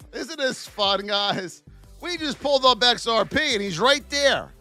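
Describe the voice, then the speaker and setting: An excitable man reviews stock charts live and breaks into playful exclamations. His voice sits high and swings widely in pitch. Faint music plays behind him. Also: slow, vocal fry. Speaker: trading educator.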